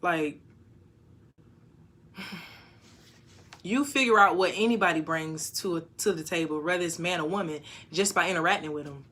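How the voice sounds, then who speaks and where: A woman on a casual livestream, reading viewer comments aloud and answering them frankly, with sudden loud bursts. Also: on the low side, unhurried, pauses often, husky. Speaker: YouTuber answering live chat. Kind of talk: casual live-stream chat.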